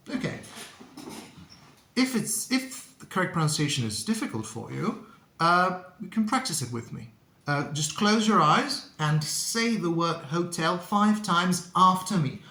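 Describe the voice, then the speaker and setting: A man teaching English pronunciation to camera, speaking deliberately and repeating words for learners to copy. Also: sits high, big pitch swings, bright, forceful tone. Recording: echoey room.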